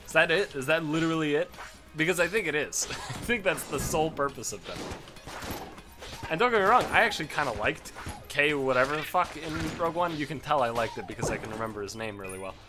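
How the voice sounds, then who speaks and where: A man's voice: on the high side, lively intonation, quick pace. Brief: young male let's player, casual profane rant, game music behind. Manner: ranting, profane, self-interrupting. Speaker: let's play host. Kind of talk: casual gaming commentary.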